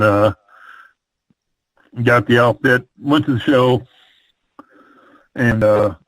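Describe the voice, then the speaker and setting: An older man from the Midwest spins long rambling road stories about his wrestling days, full of ums and false starts. His voice sits at an ordinary pitch for a man, recorded close and dry with no room sound. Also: dry recording, low-quality recording. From American Midwest. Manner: rambling, many fillers and restarts. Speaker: retired pro wrestler, guest. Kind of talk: storytelling interview.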